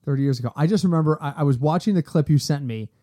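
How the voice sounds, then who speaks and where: A man hosting a sports podcast in casual chat, animated and ranting in quick bursts. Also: on the high side. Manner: animated, talks fast in bursts and rants.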